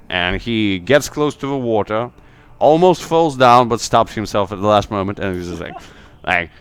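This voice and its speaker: Guy running a tabletop game, kinda low voice, chill and slow. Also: expressive, clear, resonant tone, no room sound. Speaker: game master.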